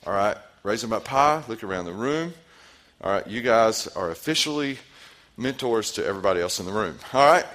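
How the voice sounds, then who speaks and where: A man's voice: on the low side, lively intonation, fairly quick, fairly bright tone. A man in his forties, a pastor leading a parenting seminar, who asks the audience questions and repeats their answers. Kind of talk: interactive seminar talk.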